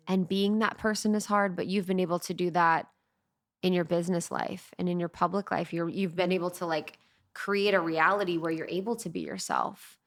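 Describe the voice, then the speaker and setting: A woman hosting a podcast interview, attentive and conversational, asking questions and murmuring soft affirmations. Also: on the low side. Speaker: podcast host.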